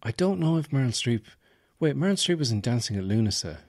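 A man's voice: mid-range voice, very animated, fairly quick, darkish tone, no echo, clean studio sound. A man hosting a podcast in rambling, jokey casual chat. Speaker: podcast host.

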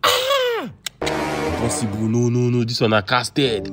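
A man acting a sly, excitable young churchgoer with a Nigerian accent, who pleads and cries out in bursts. His voice swings widely as he talks. Music plays clearly behind him in this comedy skit. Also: mid-range voice. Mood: outraged. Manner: excitable, loud exclamations, rapid pleading. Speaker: comic actor.

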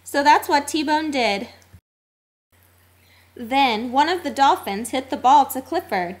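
A woman reading a children's storybook aloud, expressive and sing-song. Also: sits high, slow. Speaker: narrator.

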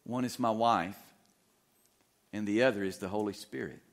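A pastor with a lowish voice preaches at normal speed. He is repetitive and emphatic, returning to phrases and putting questions to the congregation.

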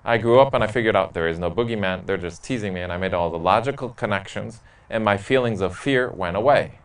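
In a relaxed Q&A with parishioners, a priest speaks fast in a lowish, clean-toned voice, captured from far away. He's frank and playful, a storyteller who laughs at his own jokes.

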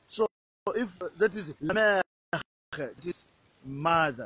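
Male language teacher, husky, fairly high voice, casual and hesitant delivery. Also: takes it slowly, a bit bright. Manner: repetitive, hesitant, with many fillers and repeated words. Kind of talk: casual outdoor language lesson. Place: outdoors by a lake beach.

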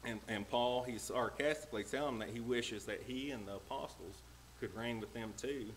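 A man delivers a folksy sermon from a church pulpit, his voice pitched at an ordinary male middle. He talks in a homespun, down-to-earth way and reads the verses slowly, with a faint hum of room noise behind him. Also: poor audio. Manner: plain-spoken and homespun, reads King James verses slowly. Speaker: lay preacher. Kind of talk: folksy sermon with scripture reading. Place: church sanctuary.

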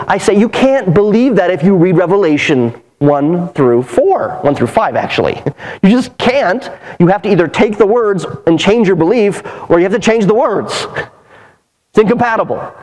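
High-voiced man preaching a sermon. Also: expressive, moderate pace, a little mellow, low-quality recording. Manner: emphatic, earnest preaching with repeated phrases. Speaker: pastor. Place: church sanctuary.

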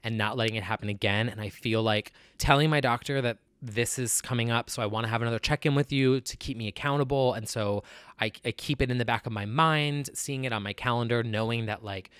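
A man's voice: mid-range voice, brisk, a bit bright, clear, resonant tone, dry recording, clean studio sound. A man with a nasal voice, talking earnestly and confessionally in a casual personal vlog, with many fillers. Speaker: vlogger.

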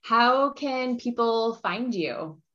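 A woman's voice: fairly high pitch, animated, very slow, a bit bright. A woman co-hosting a podcast, responding reflectively and affirming her guest in casual interview chat. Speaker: podcast co-host. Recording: dull lo-fi sound.

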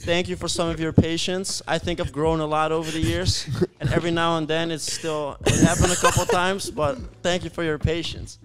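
A young Dutch man, a college soccer player, chatting casually on a podcast and telling stories with laughs and low asides. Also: fairly quick, hardly any pauses. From Netherlands. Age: young adult.

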